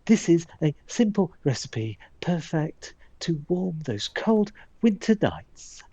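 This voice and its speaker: A man's voice: a little high, very animated, slow, dark tone, breathy edge, no echo, voice pushed up, exaggerated voice. Man putting on a prim young servant girl. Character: prim young female servant reading recipes.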